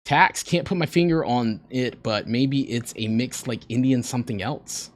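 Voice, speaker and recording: Animated and medium-pitched, a man speaks at normal speed during a casual reaction stream. He wanders from topic to topic, cracking self-deprecating jokes with his chat.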